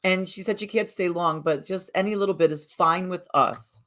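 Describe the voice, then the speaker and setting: She co-hosts a relaxed morning chat show in Southern Connecticut, upbeat and rambling as she chats. Her voice is lowish and a bit bright, and her pace is moderate.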